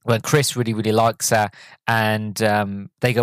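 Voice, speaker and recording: A man's voice: on the low side, little pitch movement, a little slow, smooth, no room sound. Guy rambling through a movie plot on his podcast, lots of ums, dead dry sound. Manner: rambling, enthusiastic, many fillers. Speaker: podcast host. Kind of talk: casual movie recap. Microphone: podcast mic.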